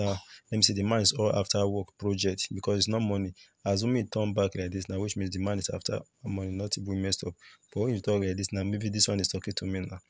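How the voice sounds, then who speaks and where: Gravelly low man explaining. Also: no room sound. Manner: repetitive, explanatory, pointing at shells. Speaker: spiritual teacher. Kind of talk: demonstrating cowrie reading.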